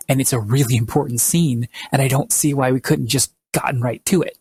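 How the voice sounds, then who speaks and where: A man's voice: medium pitch, steady tone, fairly quick, few pauses, a little mellow, husky. A man co-hosting a podcast, recapping at length in a loose, rambling way with lots of fillers. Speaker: podcast co-host. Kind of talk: casual podcast chat.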